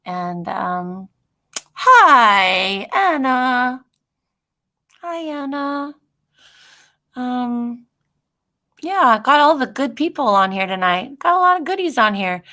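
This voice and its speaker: A woman's voice pitched a touch high, with a very bright, forward tone. She co-hosts a live psychic reading stream in a bubbly, chatty way, laughing easily as she talks to viewers. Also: animated, takes it slowly, pauses often. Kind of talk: casual live-stream chat.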